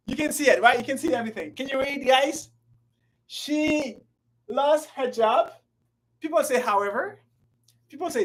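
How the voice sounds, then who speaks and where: Over a low-quality recording, a mid-range voice belongs to an English teacher giving a live online grammar lesson, repetitive and drawn-out, who greets viewers by name.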